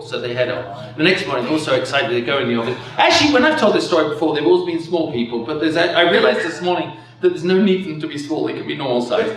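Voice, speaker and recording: A man in his fifties gives a rambling, self-mocking after-dinner keynote, chuckling as he goes. His voice sits a little high and booms around a big echoey dinner hall, picked up from well back from the mic. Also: animated, fast talker, a bit bright, recorded from a distance. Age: 50s. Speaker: keynote speaker.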